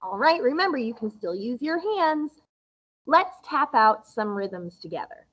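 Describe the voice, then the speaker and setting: A woman music teacher giving a recorded lesson to young children, explaining slowly and patiently in a sing-song way. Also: on the high side, lively intonation, fairly bright tone, dull audio.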